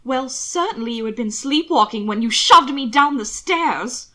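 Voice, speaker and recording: A woman's voice: sits high, expressive, normal speed, sharp tone. Tense young husband pushing back, shaky but stubborn , as a woman reads him. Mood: defiant. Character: frightened but defiant young husband, a man. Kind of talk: audiobook reading of fan fiction.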